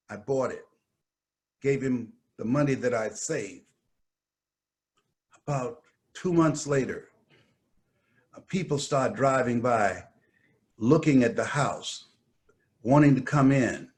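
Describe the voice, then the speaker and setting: A motivational speaker from Miami telling a family story dramatically, acting out the voices. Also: male voice, mid-range voice, measured pace. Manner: animated, acts out voices.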